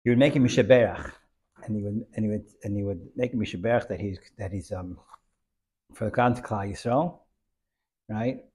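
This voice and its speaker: A man's voice: on the low side, moderate pace, pauses often, warm tone, breathy edge. A man telling a Hasidic story in an informal lesson, rambling with many restarts and dropping in Yiddish and Hebrew terms.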